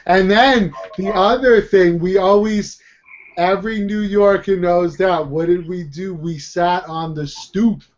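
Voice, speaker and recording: A man's voice: sits high, a little slow, lo-fi sound, a little hiss or hum. A man from Brooklyn with a New York accent, telling stories in a laid-back way as a podcast co-host. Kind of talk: casual chat.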